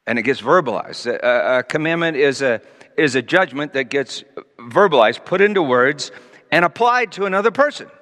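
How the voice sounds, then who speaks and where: A man preaching a sermon, animated, moving between loud emphasis and quiet asides. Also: medium pitch, normal speed. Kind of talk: sermon with Bible teaching. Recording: long reverb of a large hall.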